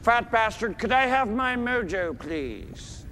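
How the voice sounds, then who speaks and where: An actor playing a pompous, deadpan middle-aged supervillain in a comedy film, delivering lines slowly and grandly. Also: male voice, very high voice, a little hiss or hum, heavily acted. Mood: dry.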